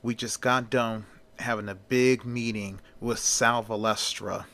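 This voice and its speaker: A man's voice: medium pitch, steady tone, a little slow, pushed and bright. A pushy male gang member who talks a partner into a heist, as a storyteller puts him on. He keeps pressing in a plain, everyday voice. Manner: persuasive, pressing.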